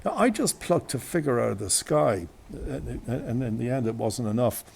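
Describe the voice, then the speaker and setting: Irish man, radio host, gravelly voice, lively up-and-down pitch, digressive storyteller, faint wind behind. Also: moderate pace. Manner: chatty, digressive, many restarts and asides. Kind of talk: rambling anecdotal storytelling. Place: outdoors on a windy day.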